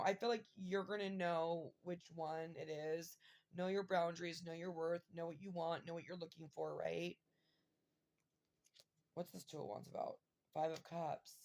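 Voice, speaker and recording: Gravelly-voiced emotional woman reading tarot. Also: lowish voice, darkish tone. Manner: emotional, rambling, filler-heavy. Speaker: tarot reader. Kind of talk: casual tarot reading to viewers.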